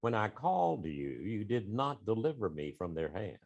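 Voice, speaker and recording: A man in a Bible class reading scripture aloud in a steady, measured way. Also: on the low side, vocal fry. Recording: dull, muffled room recording.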